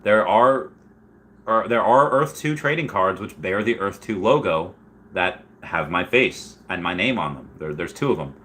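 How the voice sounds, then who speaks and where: A man with a somewhat low voice rambles through a casual livestream, reacting to chat messages. He is animated and laughs easily. A faint room noise sits underneath. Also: measured pace. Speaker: streamer reading live chat.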